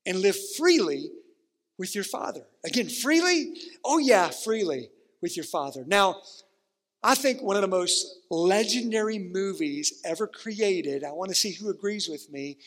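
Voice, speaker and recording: High-voiced preaching man in a reverberant hall. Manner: earnest preaching with slowed, stretched emphasis. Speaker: pastor. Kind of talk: sermon.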